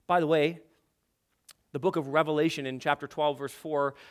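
A man preaching an expository sermon, emphatic and building to forceful peaks. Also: a little high, fairly even intonation, moderate pace. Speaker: pastor.

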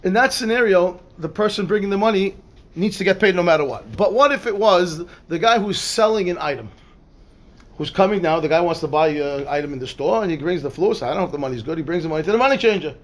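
Rabbi guy teaching talmud, high voice, reads hebrew then explains, lots of "right?". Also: quick pace. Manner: repeats words and restarts, asks "right?" often. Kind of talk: lively Torah class, reading Hebrew text and explaining.

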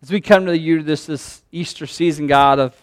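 A man preaching an impassioned Easter sermon as pastor, swinging from hushed talk to shouts. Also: a little high, steady tone, moderate pace, no echo, studio quality. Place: church sanctuary.

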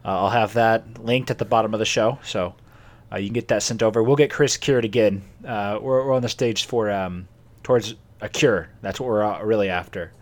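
A man's voice: on the low side, steady tone, brisk. A man co-hosting a comedy podcast, rambling through mock-serious warnings with laughs and fillers. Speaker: podcast co-host.

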